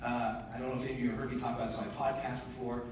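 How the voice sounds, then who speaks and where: Animated man speaking in an echoey hall. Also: mid-range voice, rapid-fire, background noise. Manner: animated, emphatic storytelling with self-deprecating humor. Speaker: motivational speaker. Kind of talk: live keynote storytelling. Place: large conference hall. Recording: echoey hall, distant mic, audible room ambience.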